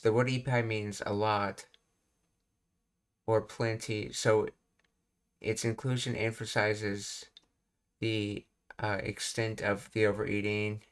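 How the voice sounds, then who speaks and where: A man's voice: fairly low pitch, a bit bright. A man working through a casual language lesson, thinking aloud with fillers and reading out explanations. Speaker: language teacher.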